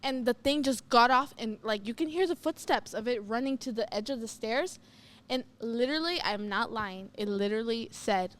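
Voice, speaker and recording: A woman's voice: a little high, normal speed. A young woman co-hosting a youth podcast, telling a story in casual chat with many fillers and acting out what she heard. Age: young adult.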